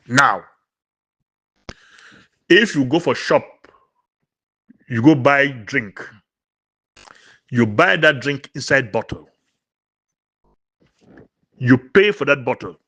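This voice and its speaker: A man with a Cameroonian English accent mixing in Pidgin, giving a deliberate opening statement in an online debate. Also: mid-range voice, fairly bright tone. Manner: deliberate, explaining with everyday examples.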